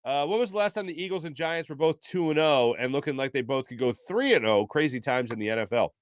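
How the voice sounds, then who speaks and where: A man's voice: medium pitch, fast, clear, resonant tone, dry recording, clean studio sound. A man in his thirties hosting a live sports talk show, reading out viewer comments in a playful, joking way. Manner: playful, animated, jokey.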